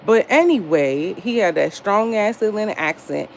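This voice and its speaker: Woman in her thirties, livestream host; gravelly, profane, chatty, talks straight to her audience. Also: normal speed, slight background noise. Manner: lively storytelling, frequent jumps in pitch. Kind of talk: casual livestream chat.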